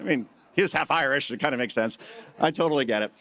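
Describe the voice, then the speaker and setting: A fast-talking middle-aged man with a medium-pitched, fairly bright voice addresses a conference from the hall stage. He tells humorous stories and performs quotes in varying voices.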